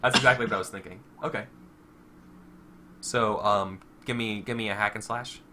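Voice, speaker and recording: Male game master, bright tone, halting delivery, faint noise behind. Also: fairly low pitch, steady tone. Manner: hesitant, full of fillers and restarts. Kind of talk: narrating a tabletop game.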